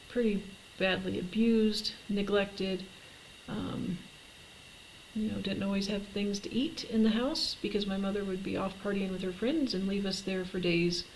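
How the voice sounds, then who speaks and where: A middle-aged woman telling her life story in a personal vlog, halting and reflective, with many pauses and restarts. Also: mid-range voice, creaky, darkish tone, slight background noise, poor audio.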